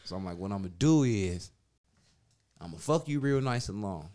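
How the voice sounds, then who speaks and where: A man's voice: fairly low pitch, animated, moderate pace, warm tone. Man telling a crude story, bursting into laughs. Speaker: podcast storyteller. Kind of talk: casual chat.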